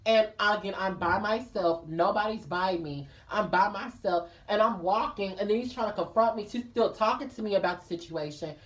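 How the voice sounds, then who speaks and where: A woman's voice: medium pitch, moderate pace, few pauses, far from the mic. Chatty woman telling a story, slightly off-mic. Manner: chatty, addresses listeners as girl and y'all; lively, acts out the people in the story. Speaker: vlogger telling a personal story. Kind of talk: casual storytime.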